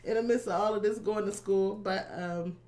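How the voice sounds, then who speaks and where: A woman's voice: mid-range voice, steady tone, normal speed, crowd noise. A woman in her thirties, a life coach, speaking candidly as a podcast guest about her past, often laughing. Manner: open, candid storytelling with frequent laughs. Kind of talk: candid personal interview.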